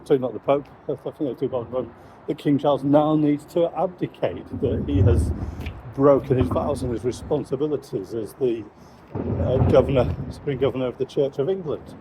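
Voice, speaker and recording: A man, a Christian commentator, giving measured, reflective commentary on current events. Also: mid-range voice, background noise.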